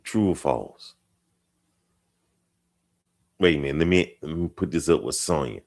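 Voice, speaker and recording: A man with a very low, deep voice hosts a live stream, taking his time over every phrase. His pitch still swings widely as he reacts, and he keeps repeating short acknowledgements while he reads viewers' replies. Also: lively intonation, gravelly, a little mellow. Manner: slow, drawn-out, repeats phrases while reading comments. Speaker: host of a live chat show. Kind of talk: casual live-stream chat reading viewer comments.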